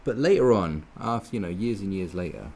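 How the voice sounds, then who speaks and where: A man's voice: low-pitched, expressive, brisk, darkish tone. A man giving a sweary, sarcastic, rambling political rant with many restarts. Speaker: political commentator. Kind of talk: ranting monologue.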